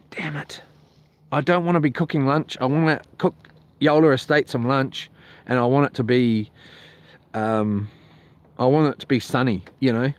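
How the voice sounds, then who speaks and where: A man telling a rambling, colloquial story for his vlog, outdoors by a lake. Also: mid-range voice. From New Zealand. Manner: rambling, colloquial, mimics others loudly. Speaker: vlogger. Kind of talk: casual storytelling.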